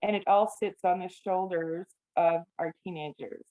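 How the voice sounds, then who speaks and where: A woman's voice: on the low side, steady tone, normal speed, warm tone. A woman who works as a family therapist, talking earnestly in an interview, sometimes mimicking a scolding parent. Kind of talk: podcast interview. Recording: tinny phone-like remote line.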